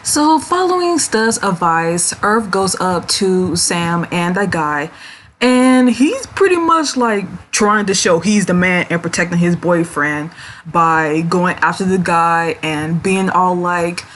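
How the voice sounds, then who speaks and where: A woman's voice: fairly low pitch, slow, a bit bright, slight background noise. A woman reviewing episodes of a series in a casual, chatty way, giggling often and acting out the characters' lines. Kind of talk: casual recap vlog.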